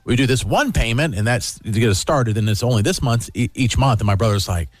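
A man co-hosting a morning radio show, telling stories with animated quoted voices in casual banter. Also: mid-range voice, brisk, dry recording.

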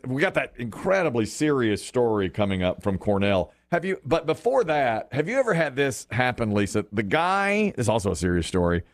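A man's voice: medium pitch, dry recording, clean studio sound. A middle-aged man hosting a morning radio show, chatting casually and joking with frequent laughs.

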